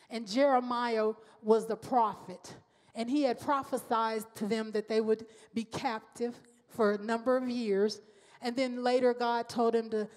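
A woman preaching a sermon, mixing personal testimony with slow, emphatic repetition. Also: on the high side, darkish tone. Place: church sanctuary. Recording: long hall reverb.

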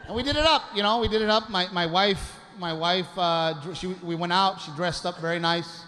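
High-voiced man doing animated stand-up. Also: brisk. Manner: animated storytelling, acts out voices, shouts punchlines. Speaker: stand-up comedian. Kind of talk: stand-up comedy routine. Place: comedy stage before a live audience. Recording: live show with loud audience noise. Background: audience laughter.

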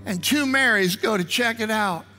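A man's voice: sits high, moderate pace, sharp tone. A man preaching as pastor, reading scripture and weaving in prayers with earnest emphasis. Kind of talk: sermon. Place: church. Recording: online service stream with music.

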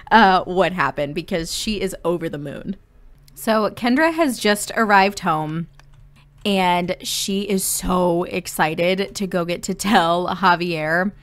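A woman's voice: lowish voice, fairly bright tone, no echo. A woman casually narrating a life-simulation game, chatty and full of ums. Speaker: gameplay narrator.

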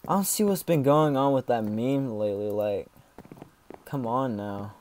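Speaking at a measured pace, this man's medium-pitched, somewhat mellow voice carries his let's play commentary over slight background noise. He's a gaming YouTuber who kids around and lets out mock-panicked yelps when things go awry.

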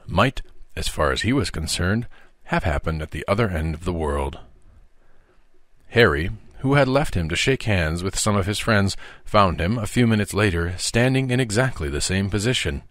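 A man narrating a children's audiobook as a father reading aloud, expressive and measured. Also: sits low, no echo, clean studio sound.

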